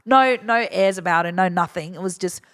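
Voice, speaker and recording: A woman in her 50s, a DJ appearing as an interview guest, chats casually and frankly, swearing freely and acting out the voices of people she quotes. Her voice is fairly low and fairly bright, moving at a fairly quick clip. The recording is dry with clean studio sound.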